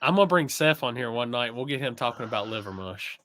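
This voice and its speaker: A man hosting a casual chat, expressive and teasing. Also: mid-range voice, quick pace, slight background noise. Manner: expressive, teasing, drawled asides. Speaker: podcast host.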